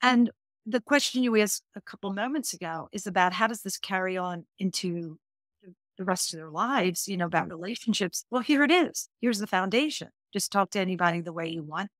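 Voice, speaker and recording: A woman's voice: mid-range voice, a little fast, fairly bright tone, no room sound, studio quality. A woman speaking as a divorce coach guest on a podcast interview, earnest and emphatic, stacking her points in lists.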